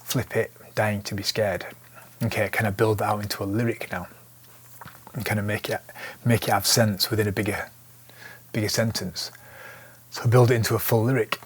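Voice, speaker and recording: A man's voice: fairly low pitch, fairly quick, long pauses, slightly rough. A man teaching lyric writing in a casual, thinking-aloud way. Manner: relaxed, thinking aloud with restarts. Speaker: songwriting teacher. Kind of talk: casual instructional talk.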